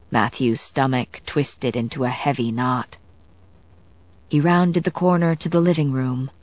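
A woman narrates a novel with a low-pitched voice, in measured and even tones. The recording is dry and close, with no room sound. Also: no echo. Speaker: audiobook narrator. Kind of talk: scripted narration.

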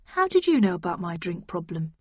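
A woman's voice: fairly low pitch, sing-song, breathy edge, no room sound, muffled recording. A woman reading a brooding maverick detective. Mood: doubtful. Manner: brooding, slow, sometimes hushed. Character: gruff weary male maverick detective.

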